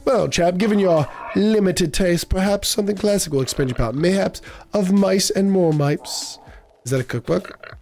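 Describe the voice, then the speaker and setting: A man's voice: high voice, moderate pace, darkish tone, voice pushed up. A man voicing a pompous, posh male bookstore clerk in a video game, talking down to people. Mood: condescending. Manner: pompous, says "old chap".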